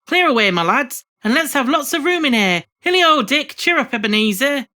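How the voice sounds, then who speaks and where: A woman voicing a jovial, plump old male merchant who calls out heartily and loudly. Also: fairly high pitch, animated, unhurried. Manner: hearty, loud calling out.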